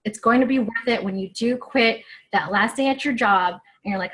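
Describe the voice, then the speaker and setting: A young woman with a voice a little higher than most tells her own story as a fitness coach. She is chatty and earnest, and she acts out the things she said at the time. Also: moderate pace, hardly any pauses, a bit bright. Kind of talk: personal story on a live video.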